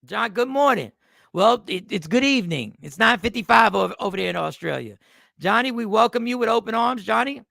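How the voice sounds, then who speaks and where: A man's voice: high voice, lively intonation, fairly quick, vocal fry, bright, forceful tone, dry recording, studio quality. A man hosting a casual livestream, talking animatedly to viewers and greeting them by name, repeating himself often. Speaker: livestream host.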